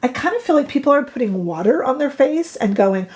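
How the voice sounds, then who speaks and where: A woman's voice: high voice, animated, a little fast, a little mellow. A woman casually reviewing makeup products in a vlog, chatty and opinionated with playfully dramatic asides. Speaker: beauty reviewer.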